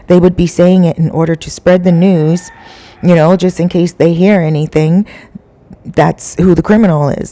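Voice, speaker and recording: A middle-aged woman telling a story to camera, casual and conversational with some dramatic flair. Her voice sits low and mellow, warm rather than bright. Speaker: vlogger and storyteller.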